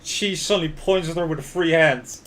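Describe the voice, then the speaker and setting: A man plays a visual novel on stream, reading the narration out loud and breaking into laughs and panicked reactions. He speaks at a normal speed in a slightly high, fairly bright voice.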